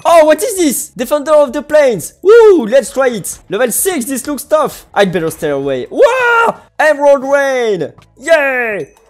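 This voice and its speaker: Woman, playful gameplay commentary, bubbly, lively swooping voice, faint background music. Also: high-pitched, measured pace, hardly any pauses. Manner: bubbly, exclaims and giggles, hums little tunes. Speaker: gaming video creator.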